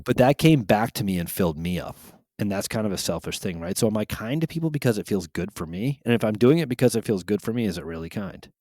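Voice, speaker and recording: A man who co-hosts a podcast and works as a teacher, chatting casually. He is an animated storyteller who muses aloud. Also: lowish voice, fast, dry recording, clean studio sound.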